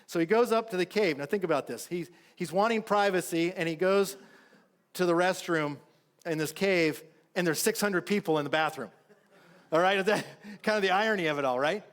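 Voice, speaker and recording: A male pastor preaching a sermon, telling a story with animation, acting out the figures, and dropping to a soft, low voice when he urges listeners. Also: a little fast. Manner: animated storytelling preacher, voicing characters with rising pitch.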